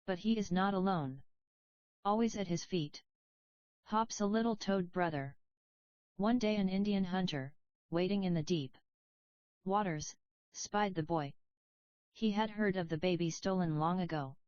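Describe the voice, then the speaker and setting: Lady calmly reading an old kids' legend, lowish voice, kinda dull sound. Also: a little slow, long pauses, dry recording. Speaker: audiobook narrator. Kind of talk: storybook narration.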